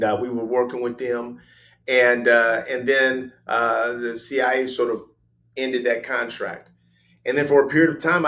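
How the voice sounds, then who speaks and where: A man hosting a talk show, telling a personal testimony in an animated storytelling way, switching between loud exclamations and hushed asides. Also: mid-range voice. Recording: roomy echo.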